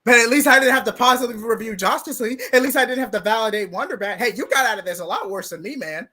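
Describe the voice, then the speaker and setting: A man's voice: very high voice, rapid-fire, bright, forceful tone. A man co-hosting a casual live stream, ranting about a comic with exaggerated mock-anguish. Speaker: co-host reviewing comics.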